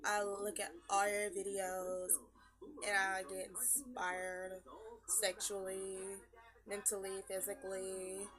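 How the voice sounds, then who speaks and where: A woman's voice: mid-range voice, completely flat delivery, slow pace, a bit bright, faint music behind. Chatty, rambling young woman vlogger. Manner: chatty and rambling, swears freely. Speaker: beauty vlogger. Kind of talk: casual makeup tutorial. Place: at home after work.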